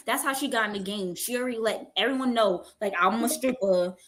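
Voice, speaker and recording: A woman with a Southern country accent co-hosting a podcast in casual banter, animated and quick to argue back, laughing often. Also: a little high. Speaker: podcast co-host.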